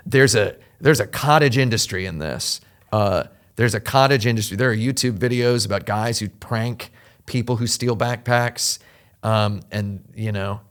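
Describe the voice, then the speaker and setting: Gravelly low-voiced man telling a rambling story. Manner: rambling, animated anecdote with frequent restarts. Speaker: host. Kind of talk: casual storytelling chat.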